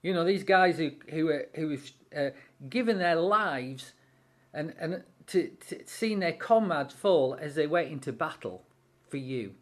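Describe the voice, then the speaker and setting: Devotional speaker, sermon talk, animated, very lively pitch, acts out quotes. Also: unhurried.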